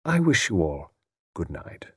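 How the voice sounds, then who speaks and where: A man voicing a mysterious gentleman who speaks in a calm, measured, quietly knowing way. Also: low voice, breathy edge, no room sound, studio quality, full character voice.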